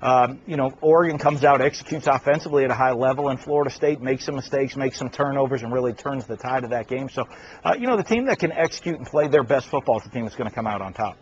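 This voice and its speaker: A man who coaches college football giving an earnest radio interview, halting, with many fillers. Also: medium pitch, muffled recording, a little hiss or hum.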